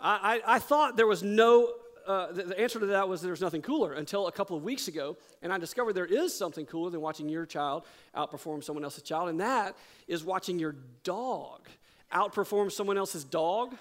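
A middle-aged male pastor preaching a sermon, telling a story with animated delivery that drops to hushed intensity. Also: sits high, fairly quick.

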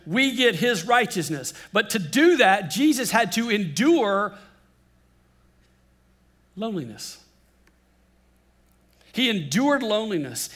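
A man preaching a sermon, swinging between emphatic lines and hushed, drawn-out words for effect. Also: high-pitched. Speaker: pastor.

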